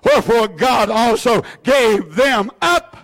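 Fervent high-voiced male preacher. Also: animated, slow. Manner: fervent, repeats phrases, many "uh" fillers; swings between shouting and hushed tones. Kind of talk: impassioned sermon. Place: church.

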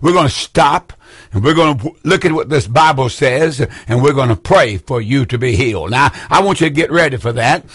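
A man's voice: medium pitch, lively intonation, fairly quick, a bit bright, breathy edge, dry recording. An older man preaching a broadcast sermon from a studio, fervent and rambling, repeating his points for emphasis. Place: indoor studio room.

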